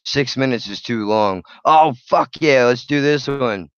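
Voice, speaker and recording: A man's voice: mid-range voice, unhurried, a bit bright, smooth, no room sound, dull audio. A man hosting his channel, reacting to videos with blunt, profane, sarcastic commentary. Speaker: channel host.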